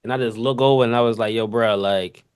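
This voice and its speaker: A podcast host talking off the cuff, a man with a mid-range voice that neither booms nor squeaks. He tells kitchen stories in heavy slang and keeps jumping into sound effects and quick impressions of coworkers. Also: steady tone, clean tone. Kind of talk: casual storytelling monologue.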